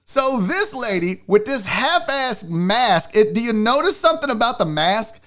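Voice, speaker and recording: A man's voice: very high voice, measured pace. A man hosting his own show, telling a comic story as a profane, sarcastic rant. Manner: animated, swearing, sarcastic. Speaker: sports show host.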